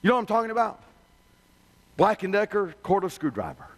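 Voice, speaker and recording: A male preacher with a fairly high voice delivering a revival sermon. He talks in a loose, humorous, conversational way and often repeats himself as he builds up his stories. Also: sing-song, fairly quick. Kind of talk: sermon with folksy storytelling.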